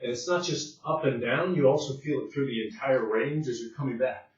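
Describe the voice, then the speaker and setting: A man's voice: medium pitch, fairly quick. Breathless man in an echoey room. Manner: breathless, puffing between sets, many fillers. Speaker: fitness instructor. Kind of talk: casual workout demonstration. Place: home room. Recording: very echoey room, distant mic, dull sound.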